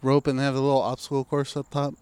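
A man's voice: mid-range voice, completely flat delivery, fast talker, a little mellow, clean tone. A man co-hosting a podcast in casual chat, laid-back and wry, swearing freely. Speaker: podcast co-host.

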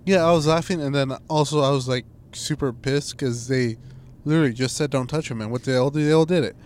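Animated storytelling young man. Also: mid-range voice, a little fast, slight background noise. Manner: animated storyteller, swears, acts out quotes loudly. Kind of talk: casual chat.

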